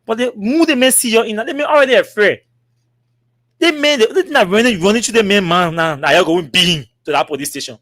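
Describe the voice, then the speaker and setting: This high-voiced talk show host, who has a Liberian English accent, talks fast as he tells a long story. Animated throughout, he dramatizes the dialogue with heavy repetition, and the studio-quality sound is echo-free.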